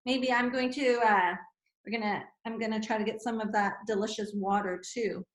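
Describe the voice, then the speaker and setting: A woman teacher reading a fable to children and chatting gently in between, calling them friends. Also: on the high side, fairly even intonation, normal speed. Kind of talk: storytime reading and chat. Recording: echoey room.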